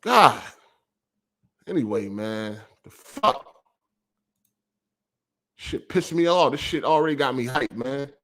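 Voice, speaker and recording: A man's voice: mid-range voice, expressive, slow, pauses often, fairly bright tone. A man hosting a livestreamed gaming podcast, ranting with heavy profanity and reading viewer super chats aloud. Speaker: podcast host.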